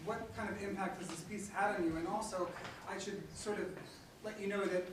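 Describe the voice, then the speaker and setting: A man's voice: high voice, fairly even intonation, a little fast. A man who teaches theater, talking casually and rambling, often repeating himself. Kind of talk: casual chat. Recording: echoey distant noisy room mic.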